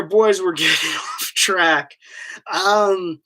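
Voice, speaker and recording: A man's voice: medium pitch, measured pace, sharp tone. A man hosting a casual live-stream Q&A, rambling and joking as he reads out and answers chat questions. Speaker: YouTube collector channel host.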